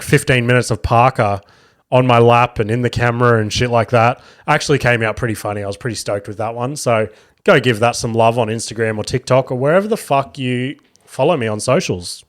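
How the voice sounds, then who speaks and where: A man in his thirties hosts his own podcast and rambles through family anecdotes in a loose, self-mocking way. He swears freely and his voice sits at an ordinary pitch for a man. It is a close podcast-mic recording. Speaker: podcast host. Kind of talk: casual comedic storytelling.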